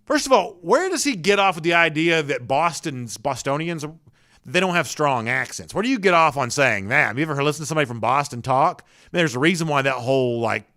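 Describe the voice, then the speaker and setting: A man's voice: fairly high pitch, animated, brisk, pushed and bright, no echo, clean studio sound. A man with a Southern American accent hosting a live sports talk show, chatty and opinionated, often restarting his sentences.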